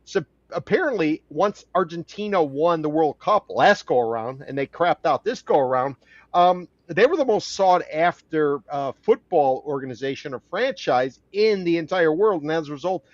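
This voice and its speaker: A man's voice: on the high side, lively intonation, normal speed, no echo. A man co-hosting a podcast in casual chat, rambling with lots of fillers and restarts. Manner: rambling, with many fillers and repeats. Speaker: podcast co-host. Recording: dry, slightly dull audio.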